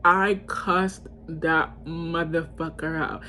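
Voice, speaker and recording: A woman's voice: on the low side, unhurried. A young woman vlogger telling a storytime, ranting heatedly with lots of cursing and repetition. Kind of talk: storytime rant.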